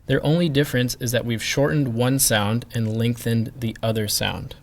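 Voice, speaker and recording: A man teaching a pronunciation lesson, explaining each sound deliberately and repeating sample words for the learner to hear. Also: mid-range voice, fairly even intonation, gravelly. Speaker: language teacher.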